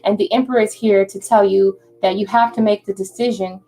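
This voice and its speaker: A woman's voice: mid-range voice, steady tone, brisk, dark tone. Chatty woman giving a tarot reading. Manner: chatty, reassuring, says "okay?" often. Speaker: tarot reader. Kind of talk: live-stream tarot reading.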